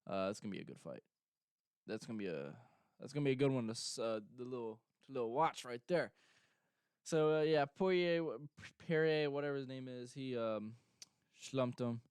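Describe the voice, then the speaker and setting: A man's voice: medium pitch, animated, moderate pace, a little mellow, clear, resonant tone, no echo, studio quality. A young man hosting a casual show, rambling through events with lots of fillers and mocking quotes. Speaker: show host. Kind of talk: casual chat.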